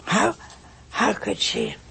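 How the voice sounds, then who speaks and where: A woman preaching an emotional sermon, pausing dramatically and dropping at times to a whisper. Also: a bit bright.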